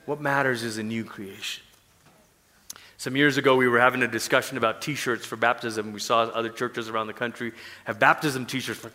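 A man preaching a sermon as pastor, animated, acting out Paul in casual talk and dropping to soft whispers. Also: medium pitch, a little fast, long reverb tail.

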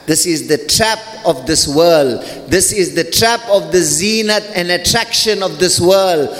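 High-voiced preacher in an echoing hall. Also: male voice, fairly bright tone. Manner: emphatic, rhetorical, recites Arabic verses quickly. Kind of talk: sermon. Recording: long hall reverb.

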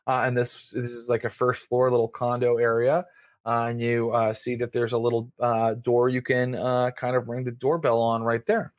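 A man's voice: mid-range voice, level tone, moderate pace, no room sound, clean studio sound. Man game master, rambling narration. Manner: rambling, filler-heavy narration.

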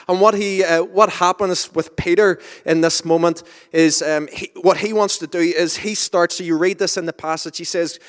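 Conversational preacher in a reverberant hall. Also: male voice, a little high, fairly quick, smooth. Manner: conversational, self-deprecating, with restarts and asides. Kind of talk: informal sermon.

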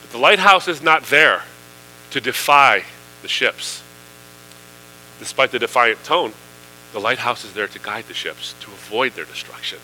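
A man's voice: mid-range voice, lively intonation, moderate pace, long pauses, sharp tone, slight background noise, rough recording. A man preaching a sermon in a conversational way, with fillers, building to emphatic questions. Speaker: pastor.

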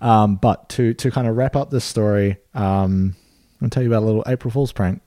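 Laid-back New man, mellow voice. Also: lowish voice, fairly quick, dry recording. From New Zealand. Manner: laid-back, rambling, many fillers and swearing. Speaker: podcast co-host. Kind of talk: casual chat.

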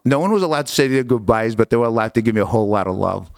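A man's voice: mid-range voice, lively intonation, racing, vocal fry, dry recording, clean studio sound. A man, a podcast guest, telling his story in conversation, earnest and emphatic, repeating phrases for weight.

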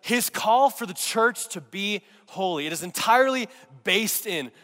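In a church sanctuary with long hall reverb, a male pastor who is recovering from a cold preaches a sermon, prompting the congregation to repeat words in call-and-response. His voice is high, a bit bright and animated, at a measured pace.

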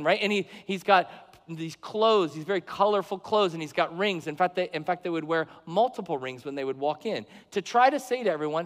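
A man's voice: sits high, fairly bright tone. A middle-aged man preaching a sermon, conversational, asking the congregation questions and acting out the people he quotes. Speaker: pastor. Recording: long hall reverb.

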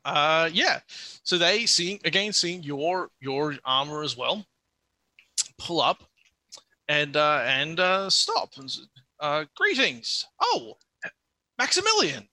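A man's voice: on the high side, takes it slowly, long pauses, sharp tone, dry recording. A man narrating as game master of a tabletop game, setting scenes in a loose, descriptive way.

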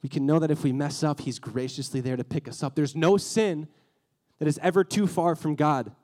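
A man's voice: on the high side, normal speed, mellow. A young man giving a casual, earnest sermon to a youth group, acting out quotes in a slangy, conversational way. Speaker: youth speaker.

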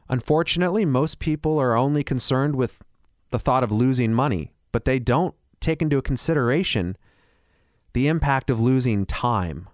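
A man working as a financial advisor, delivering a persuasive radio pitch full of rhetorical questions. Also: no echo, studio quality.

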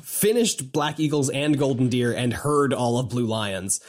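A man co-hosting a casual podcast, recapping a video game in an excitable, rambling way with lots of fillers. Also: mid-range voice. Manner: rambling, excitable, quick asides and frequent fillers. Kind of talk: casual chat.

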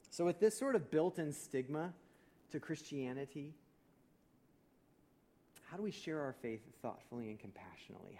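A man, a pastor, preaching a conversational sermon in a church, telling stories with humor and swinging between loud and soft. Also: fairly high pitch.

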